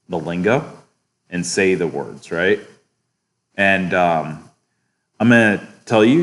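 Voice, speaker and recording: A man with a very low voice teaches a biochemistry class in a lecture hall. He talks in a relaxed way, often stops to ask the students if they follow, and chuckles at his own asides.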